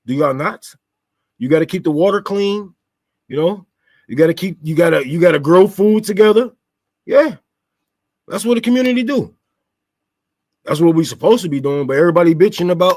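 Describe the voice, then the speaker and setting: A man with a high voice rants straight to his audience. He fires off rhetorical questions, swears freely and stumbles over repeated words as he goes. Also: lively intonation, a little fast, long pauses, a little mellow. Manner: profane, stammering, rhetorical questions. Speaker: show host. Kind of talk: unscripted political rant.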